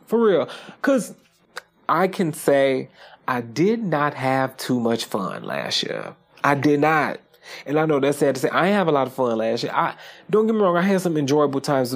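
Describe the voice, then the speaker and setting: Animated, profane solo podcast host. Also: medium pitch. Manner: animated and profane, often asking "okay?". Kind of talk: casual solo podcast monologue.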